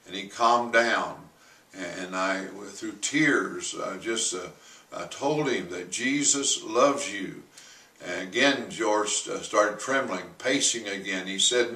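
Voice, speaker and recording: Halting male pastor in a roomy hall. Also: on the low side. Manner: halting, full of uh fillers, rising to forceful quoted commands. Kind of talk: testimony sermon. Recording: roomy, from a distance.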